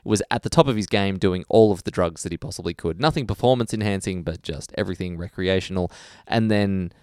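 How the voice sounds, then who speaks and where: A man's voice: sits low, a little fast, a little mellow, clear, resonant tone, no echo, studio quality. A man co-hosting a casual podcast, chatty and fond of telling jokes. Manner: chatty, tells jokes with voices. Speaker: podcast co-host. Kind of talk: casual chat.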